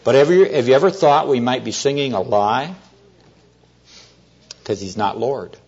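A man preaching an evening sermon to a congregation, earnest and storytelling, often slowing down to stress key words. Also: mid-range voice, a little mellow, breathy edge. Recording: dull lo-fi sermon recording.

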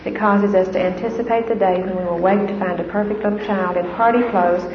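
A woman's voice: medium pitch, steady tone, brisk. A middle-aged woman gives an informal talk on raising children in faith, with frequent fillers and restarts. Her voice carries a long echo through a hall. The old recording sounds dull and lo-fi, with a faint hiss. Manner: conversational, warm-hearted, frequent fillers and restarts. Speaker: speaker on Christian parenting. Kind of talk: informal talk to a live audience.

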